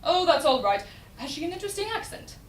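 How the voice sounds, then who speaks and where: A woman voicing a brusque, excitable middle-aged male professor, recorded from a distance in an echoey room. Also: extremely high pitch, a little hiss or hum, voice pushed up. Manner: brisk and bullying. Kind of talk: recitation in a speech competition.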